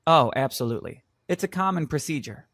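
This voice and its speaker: Calm vet, lively high-ish voice, dry studio mic. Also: male voice, brisk, no room sound. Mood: reassuring. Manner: patient, reassuring, explanatory. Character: calm reassuring male vet. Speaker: vet in a scripted exam dialogue. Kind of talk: scripted exam role-play.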